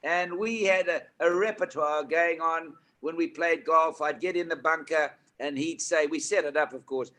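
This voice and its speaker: Bright-voiced older South African man. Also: fairly high pitch, normal speed, hardly any pauses. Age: 80s. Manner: lively, emphatic, laughs at his own stories. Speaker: guest. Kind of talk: animated storytelling.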